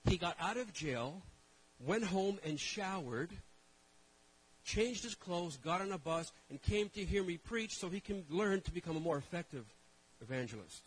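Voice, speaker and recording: A man preaching as a pastor, telling a story with animated shifts from hushed asides to loud outbursts. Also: high voice, moderate pace, husky, low-quality recording. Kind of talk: sermon storytelling.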